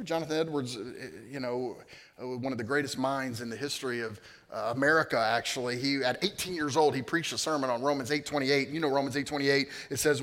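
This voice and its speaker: A man's voice: medium pitch, fast talker. Man preaching in a reverberant hall. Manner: conversational preaching, swings from hushed to loud. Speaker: pastor. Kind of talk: sermon.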